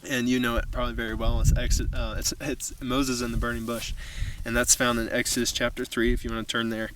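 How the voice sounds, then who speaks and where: A man's voice: medium pitch, little pitch movement, quick pace, noisy background. A man giving a casual, conversational sermon outdoors on a mountain, recorded from a distance. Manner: casual, conversational preaching with fillers. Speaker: youth pastor.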